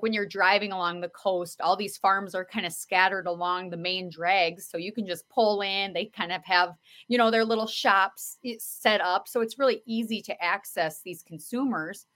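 A woman podcast host talking casually, telling stories in an earnest, animated way with many fillers. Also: medium pitch, normal speed, few pauses. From South Dakota. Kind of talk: casual conversational talk.

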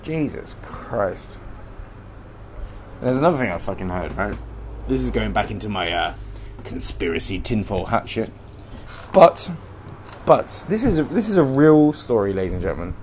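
A man's voice: fairly low pitch, very animated, moderate pace, long pauses, a little mellow, slight background noise. A young man hosting a solo podcast from home, ranting in a profane, rambling, heated way. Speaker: podcast host. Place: room at home.

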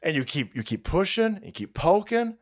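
High-pitched ranting male stream host. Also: sing-song, normal speed. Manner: crude, heated, swinging into loud outbursts and laughter. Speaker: show host. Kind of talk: profane live-stream political rant.

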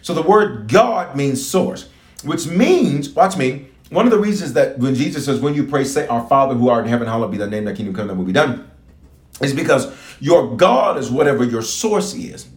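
A man's voice: medium pitch, moderate pace, echoey room. A man preaching a sermon as a bishop, teaching and praying and repeating phrases for emphasis. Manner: animated preaching, repeats phrases for emphasis, talks to online viewers. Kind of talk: live-streamed sermon and prayer.

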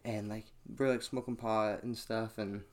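A man's voice: fairly low pitch, little pitch movement, measured pace, a little hiss or hum. A man hosting his own podcast from a small home room, telling rambling, profane stories full of "like" fillers, with the microphone set on a towel-covered chair. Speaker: podcast host. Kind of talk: casual solo storytelling.

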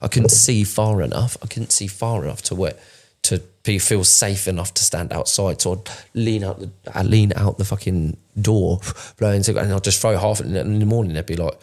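A man's voice: sits low, brisk, few pauses, a little mellow. A man, telling his own story in a candid, emotional podcast chat, swearing often and restarting his sentences. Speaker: podcast co-host.

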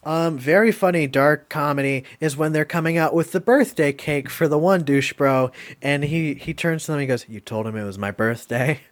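A man's voice: on the high side, normal speed, hardly any pauses. A man hosting a casual podcast, rambling through favorite moments with lots of swearing, filler words and laughs. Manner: rambling, profane, laughs often. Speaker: podcast host reviewing a film.

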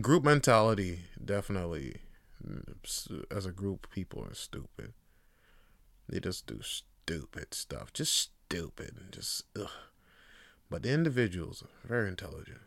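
A man hosting his own podcast in a casual, rambling monologue, cursing and joking and often breaking into loud hyped bursts. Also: deep voice, no room sound. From Canada. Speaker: podcast host.

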